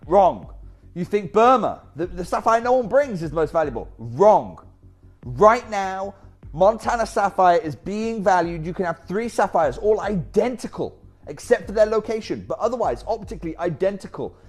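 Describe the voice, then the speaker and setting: A man presenting a live shopping channel, chatty and energetic with off-script asides. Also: sits high, moderate pace, soft background music.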